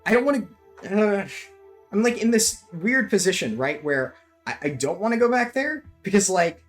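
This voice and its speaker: A young woman streamer giving casual gameplay commentary at her home desk, swearing a lot and turning panicky and excitable. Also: medium pitch, normal speed, soft background music. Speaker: gaming streamer.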